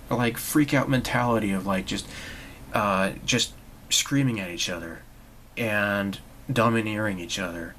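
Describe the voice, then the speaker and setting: A man's voice: lowish voice, a little slow, fairly bright tone, a little hiss or hum, low-quality recording. A man hosting his own channel, delivering a sarcastic, rambling monologue full of restarts. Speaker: channel host. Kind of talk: opinionated monologue vlog.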